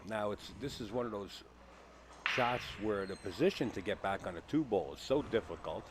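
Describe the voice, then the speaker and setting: A man calls a pool match live from a booth at the tournament, his voice rising and falling with a lively swing. He chats easily, teases his guest and walks through each shot. A clear hum of the noisy hall sits behind him. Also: lowish voice, normal speed. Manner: chatty, teasing, explains shots. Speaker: pool commentator. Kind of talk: live play-by-play commentary.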